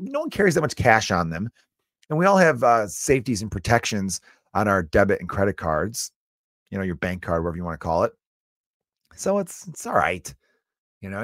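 Low-voiced man ranting, dry sound. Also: dry recording. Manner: rambling, profane, jumps between loud bursts and mutters. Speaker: comedian podcast host. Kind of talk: solo comedic rant.

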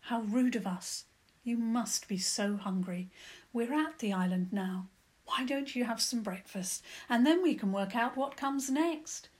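A woman's voice: fairly high pitch, measured pace, darkish tone, natural voice. A woman voicing a caring mother who speaks kindly and practically in a children's story.

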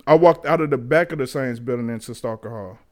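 A young man in his twenties telling a story in casual chat, animated and slangy, laughing often. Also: medium pitch, quick pace.

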